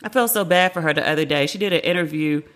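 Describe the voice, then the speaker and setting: A woman's voice: sits low, fast talker. A woman in her forties hosting a casual pop-culture talk show, chatty and candid, swearing freely and acting out the people she quotes. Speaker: podcast host.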